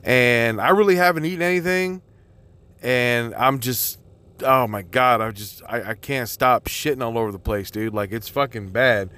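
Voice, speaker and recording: A man's voice: mid-range voice, moderate pace, bright, forceful tone, clean tone. A man hosting his own podcast, ranting in an exasperated, rambling way with constant swearing and lots of fillers. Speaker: podcast host. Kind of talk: profane solo podcast rant.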